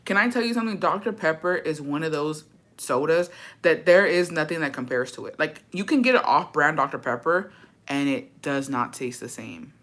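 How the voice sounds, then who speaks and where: Her voice sits low but has lively intonation and a fairly bright tone, at a normal pace. She's a vlogger in a casual to-camera chat, dramatic and foul-mouthed, with Spanish sprinkled into her English.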